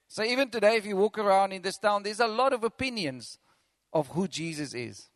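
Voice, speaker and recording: A man preaching a sermon as pastor, animated, acting out quotes and chuckling between points. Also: high-pitched, fairly quick, no echo.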